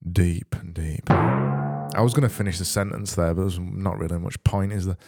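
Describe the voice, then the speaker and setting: A man's voice: low voice, moderate pace, creaky, a little mellow, soft background music. A British man hosting a casual podcast and reading out listener messages in a dry, mock-serious way with self-mocking asides. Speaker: podcast host.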